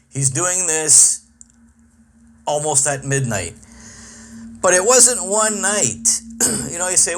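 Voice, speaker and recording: A middle-aged man rants through a comic podcast monologue, swearing freely and sounding exasperated. His voice sits a little above the usual male pitch. He tells the story in a loose, conversational way, full of asides. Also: lively intonation, moderate pace, long pauses, fairly bright tone, soft background music. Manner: profane, exasperated ranting. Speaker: podcast host and comedian.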